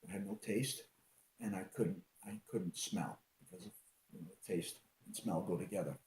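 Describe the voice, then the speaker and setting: A man being interviewed, telling a personal story in a lively way and acting out the dialogue as he recounts it. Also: low-pitched, normal speed, roomy sound, rough recording. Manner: animated, acts out dialogue in his retelling.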